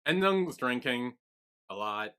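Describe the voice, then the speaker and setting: Lively, bright-voiced man recapping a show. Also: medium pitch, takes it slowly, clear, resonant tone. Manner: lively storyteller, acts out the characters' lines. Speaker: podcast co-host. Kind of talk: casual recap chat.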